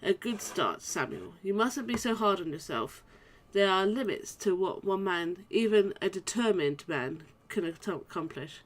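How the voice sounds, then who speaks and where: A woman's voice: medium pitch, lively intonation, measured pace, hardly any pauses. A woman reading as a polite elf mercenary. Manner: polite, reassuring read-aloud dialogue.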